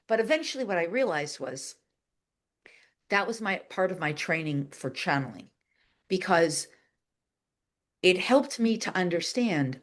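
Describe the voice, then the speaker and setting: A woman being interviewed, telling a long story in a chatty, animated way, with lots of "like" and voices acted out in quotes. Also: on the low side, normal speed. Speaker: guest, channeler and animal communicator.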